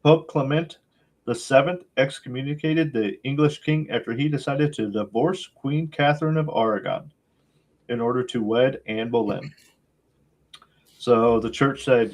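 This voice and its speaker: A man co-hosting a relaxed podcast, drifting from plugs to history tidbits in an easygoing, meandering way. He fills his sentences with pauses and filler sounds and slips in dry sarcasm. His voice sits at an ordinary middle pitch. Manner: laid-back, rambling, many uh fillers, wry sarcasm. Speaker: podcast co-host. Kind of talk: casual podcast chat.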